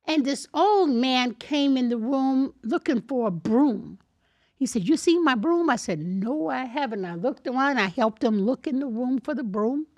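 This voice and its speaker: An older woman, a podcast guest, telling a lively anecdote in casual chat, laughing and acting out the people in her story. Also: high voice, moderate pace, no echo.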